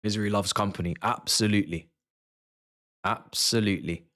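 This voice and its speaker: A man hosting a live football watchalong, reacting in a slangy, excitable way, swinging between mumbled asides and shouted outbursts. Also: fairly low pitch, normal speed. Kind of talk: live match reaction commentary.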